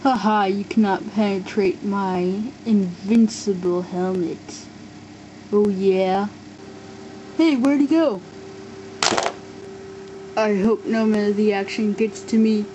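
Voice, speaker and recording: A woman's voice: medium pitch, takes it slowly, pauses often, warm tone, lo-fi sound, a little hiss or hum. Playful woman voicing toy figures. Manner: playful, voices many toy figures in turn. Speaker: amateur stop-motion voice performer. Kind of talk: kid-style toy play acting.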